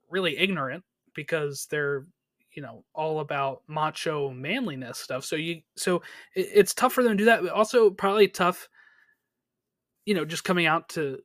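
A man with a notably high voice recaps a TV episode in a loose, chatty podcast style. He keeps tossing questions to his co-host and fills gaps with "you know" and "um". The sound is close and dry, with no room around it. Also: a bit bright, no room sound. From United States. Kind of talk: casual chat recapping a TV episode.

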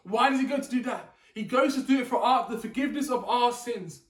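Man, very high-pitched voice, earnest sermon, emphatic repetition, distant mic. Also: a little fast, a bit bright. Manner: earnest, emphatic preaching with repeated phrases. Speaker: preacher. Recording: echoey room, mic at a distance.

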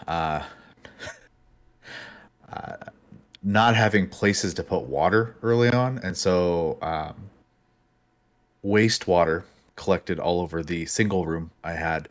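A man's voice: low-pitched, takes it slowly. A man co-hosting a podcast, chatting casually and a little hesitantly, with many ums and restarts. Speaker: podcast co-host. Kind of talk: casual chat.

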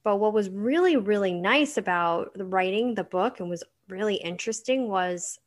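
A woman's voice: mid-range voice, normal speed. A middle-aged woman, an author being interviewed, telling personal stories in an earnest, chatty way and laughing often. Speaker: author guest. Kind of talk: casual interview chat.

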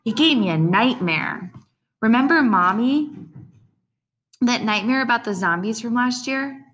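A woman voicing a whiny, excitable little boy in second grade in a storybook reading. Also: on the high side, a little slow, pitched above the performer's own voice. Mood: whiny, excited. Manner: whining, excitable.

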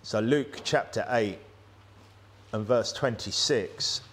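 A man's voice: lowish voice, slow pace, fairly bright tone, slight background noise. A man with a British accent preaching a sermon in a church, talking conversationally with frequent restarts and tag questions. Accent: British English. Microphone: plugged-in microphone.

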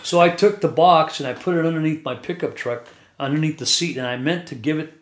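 A man's voice: fairly high pitch, brisk, slight background noise. Chuckling man telling a long story. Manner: chuckles often while telling stories. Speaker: guest telling his life story. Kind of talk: rambling personal storytelling. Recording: echoey room.

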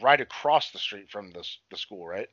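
A young man chatting casually as a podcast co-host, telling a story in a profane, animated way. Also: fairly low pitch, moderate pace, no echo. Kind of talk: casual chat. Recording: dull, dry lo-fi sound.

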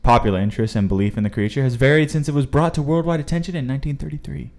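Young man co-host reading facts, measured and easygoing, middle pitch. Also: a little mellow. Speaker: podcast co-host. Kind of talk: casual chat, reading facts aloud.

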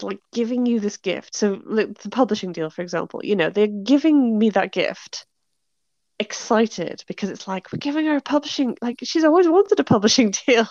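A woman's voice: on the high side, vocal fry, no echo, dull audio. A British woman, an author hosting a casual chat, talking freely, laughing often and acting out the reactions she describes. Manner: chatty, laughs often, acts out quoted reactions. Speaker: author and podcast host.

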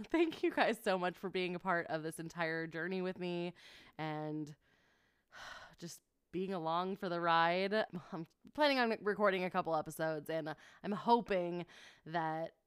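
A woman's voice: lowish voice, clean tone, dry recording. A young woman hosting her own podcast, chatting emotionally with many fillers and giggles into a close mic. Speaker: podcast host. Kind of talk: casual solo podcast chat.

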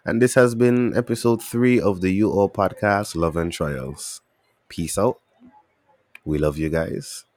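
Deep-voiced Kittitian man, emphatic. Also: a little slow, dry recording, clean studio sound. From Saint Kitts. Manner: animated, emphatic, shifts into local dialect. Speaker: podcast co-host. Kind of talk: casual podcast chat.

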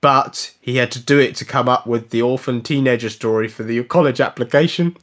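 A man's voice: mid-range voice, a little fast, a bit bright. A man co-hosting a casual podcast, reading short horror stories aloud and laughing often as he reads. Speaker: podcast co-host.

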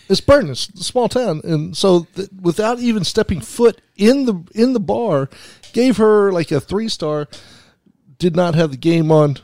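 A man hosting a casual talk show, chatting with guests and cutting in with quick, laughing remarks. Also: fairly high pitch, expressive, creaky, a little mellow, dry recording, studio quality. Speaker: radio show host. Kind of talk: casual chat.

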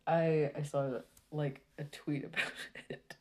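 A woman talking casually to her viewers in a rambling, exasperated rant full of halting restarts. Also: sits low, flat delivery.

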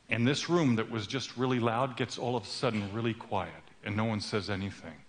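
A man's voice: fairly low pitch, fairly quick, few pauses. A man preaching, telling a story dramatically and slipping into character voices. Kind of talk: sermon with acted storytelling. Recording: long hall reverb.

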